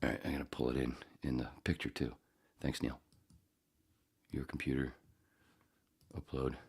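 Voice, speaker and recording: A man's voice: very deep voice, little pitch movement, moderate pace, gravelly, husky. A man in his fifties hosting a podcast alone, rambling and cursing as he laughs at his own mistakes. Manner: rambling, profane, self-mocking. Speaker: podcast host. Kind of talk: casual solo podcast chat.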